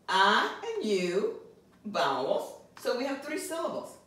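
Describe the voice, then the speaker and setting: Slow, careful woman teaching in an echoey room. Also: medium pitch, sing-song, fairly bright tone. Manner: slow, drawn-out enunciation of vocabulary words. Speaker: Spanish teacher. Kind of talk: classroom-style language lesson. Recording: very echoey room, mic at a distance.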